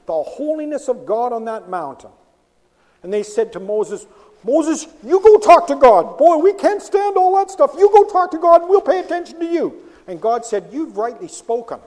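A man preaching in a large hall, his voice high and swinging widely in pitch. He pushes hard on key phrases, then sinks to near a whisper. Long reverb trails every line. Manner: animated, emphatic, drops to a hush on quiet phrases. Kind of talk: sermon.

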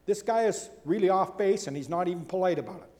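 A male preacher delivers a sermon in a mellow, high-set voice, swinging freely up and down as he acts out quoted speakers. He breaks off for casual asides and rhetorical questions. His voice carries a long reverb, like a large hall. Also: fast talker. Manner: animated, acts out quoted speakers with big swings in pitch and loudness.

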